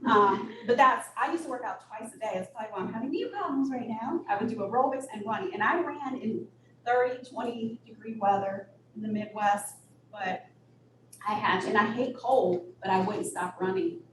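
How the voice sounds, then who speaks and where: A woman executive director telling candid stories in an interview, blunt and animated, with sudden high-pitched bursts. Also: moderate pace, a crowd in the background. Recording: echoey room, distant mic, audible noise.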